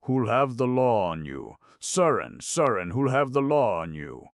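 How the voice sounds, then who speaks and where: A man's voice: low voice, animated, slow pace, creaky, no echo, full character voice. A man voicing an older male gamekeeper who delivers solemn, preachy warnings in a raised voice. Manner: solemn, pronouncing warnings like scripture.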